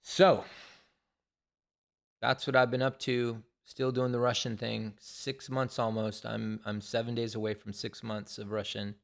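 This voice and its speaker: A man's voice: mid-range voice, level tone, a little slow, gravelly. An older man talking to camera in a casual, rambling monologue, hesitant and musing, often repeating himself. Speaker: gaming vlogger.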